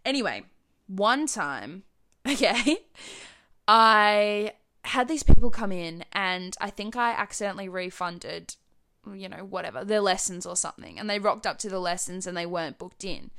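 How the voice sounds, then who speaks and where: A woman's voice: mid-range voice, lively intonation, normal speed, sharp tone. A young Australian woman chatting to her viewers in a rambling, giggly way, full of "like". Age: young adult. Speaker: vlogger. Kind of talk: casual chat to camera.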